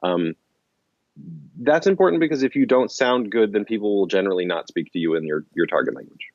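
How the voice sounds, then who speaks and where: A man with a very deep voice speaks as an interview guest, loose and rambling, restarting sentences and leaning on fillers. The recording is dry and close, with a slightly muffled, lo-fi tone. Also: animated, fairly quick, dry recording. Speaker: interview guest, language-learning author. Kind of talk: casual conversational interview.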